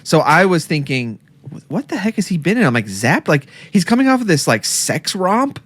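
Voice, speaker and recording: A man's voice: on the high side, sing-song, normal speed, fairly bright tone, breathy edge, no echo. A man from Cleveland in casual comedic chat as a podcast co-host, laughing often and breaking into goofy impressions. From Cleveland, Ohio.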